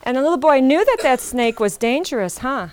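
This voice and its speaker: Performing a traditional tale for a live audience, this woman repeats phrases and questions her listeners. Her voice sits high and smooth, with lively intonation and a fairly quick pace.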